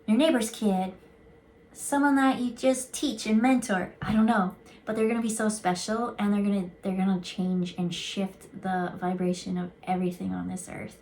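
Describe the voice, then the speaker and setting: A woman's voice: mid-range voice, steady tone, moderate pace, a little mellow, a little hiss or hum. A woman giving a casual channeled card reading as an intuitive, talking in a rambling, chatty way with casual swearing.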